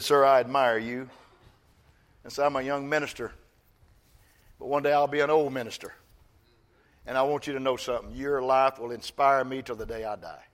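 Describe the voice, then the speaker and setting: Preaching as a pastor, this elderly grandfather has a mid-range voice and alternates between booming exhortations and quiet, unhurried stories.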